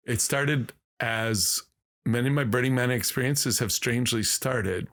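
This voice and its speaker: A man who is a podcast guest unspools a story slowly, leaning on each word. His voice has a gravelly, frayed edge and sits at a middling pitch, while he keeps the telling animated. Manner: slow, drawn-out, animated storytelling. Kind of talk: storytelling in casual conversation.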